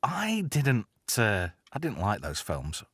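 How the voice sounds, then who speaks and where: A man's voice: lowish voice, wildly swooping pitch, takes it slowly, a bit bright, husky, no room sound, clean studio sound. A man hosting a casual online chat show, brash, sweary and mocking in manner. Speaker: radio presenter and stream host.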